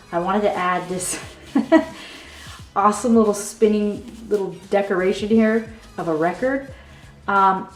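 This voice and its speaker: A woman hosting a craft tutorial, walking through her handmade album with excited, gushing talk and a frequent "okay?". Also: fairly low pitch. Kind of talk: enthusiastic product walkthrough. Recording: echoey room with soft background music.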